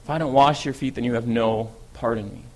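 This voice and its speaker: A man voicing Jesus as a calm, authoritative teacher who speaks in a quiet and measured way. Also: mid-range voice, lightly acted.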